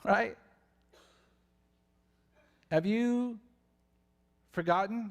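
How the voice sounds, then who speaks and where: Male pastor, mid-high voice, animated sermon delivery, long church-hall reverb. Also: moderate pace. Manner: animated, acts out voices and questions with big swings in loudness. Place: church sanctuary.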